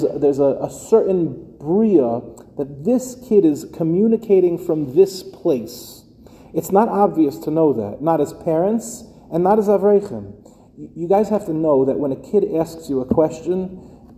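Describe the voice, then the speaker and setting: A middle-aged man gives a live lecture as a rabbi, speaking casually and throwing rhetorical questions at the room. His voice is somewhat high yet dark and mellow. A long reverb hangs on every word, as in a lecture hall. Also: animated, unhurried. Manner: conversational, addresses listeners directly with rhetorical questions. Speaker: rabbi teaching educators.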